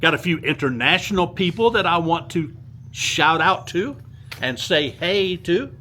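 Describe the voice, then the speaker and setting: A man's voice: on the high side, lively intonation, a little slow, bright, forceful tone, a little hiss or hum. An older man chatting casually as he walks outdoors, reading viewer comments and repeating his greetings. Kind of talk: casual walking vlog. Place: outdoors downtown street.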